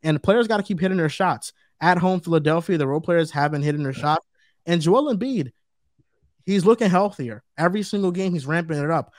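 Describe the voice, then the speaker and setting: A man's voice: fairly high pitch, animated, brisk, dry recording, clean studio sound. A man co-hosting a sports debate show, talking emphatically and repeating his points for stress. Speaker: co-host.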